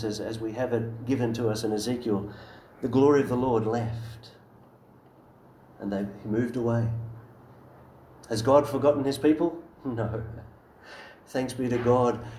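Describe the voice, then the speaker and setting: Male preacher, mid-pitched, emphatic and earnest, in a reverberant church room. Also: dark tone, a little hiss or hum. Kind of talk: sermon.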